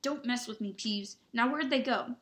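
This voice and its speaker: A woman reading aloud plays a grumpy old caretaker. He makes impatient, irritable demands and sounds only slightly louder than her own voice. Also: on the high side, normal speed, natural voice. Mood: irritable demanding.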